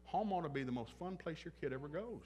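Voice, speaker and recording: A man's voice: fairly high pitch, expressive, quick pace, darkish tone, slight background noise. Blunt joking man preaching a sermon. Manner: joking, blunt, acts out dialogue. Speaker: pastor. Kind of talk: sermon with acted-out anecdotes. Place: church service.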